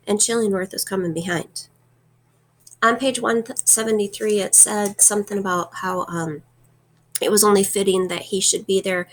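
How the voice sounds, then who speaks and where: A woman's voice: mid-range voice, fairly bright tone. A woman teacher recapping a novel chapter in a casual, conversational way, with fillers as she retells.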